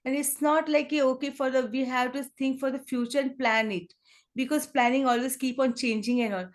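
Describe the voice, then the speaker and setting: A woman's voice: sits high, steady tone, brisk. A woman with an Indian accent, a kindergarten teacher answering interview questions in an earnest, conversational way, mixing English and Hindi with many fillers. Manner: switches between English and Hindi, many fillers like "and all", "you can say"; earnest, emotional in places.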